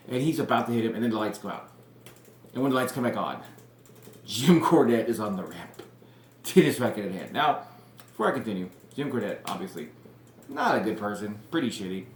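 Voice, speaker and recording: A man's voice: lowish voice, expressive, fairly quick, slight background noise. A man giving a casual, rambling monologue on wrestling storylines, full of "like" and "you know", blunt and swearing freely, acting out bits of dialogue. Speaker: wrestling fantasy-booking vlogger. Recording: roomy echo.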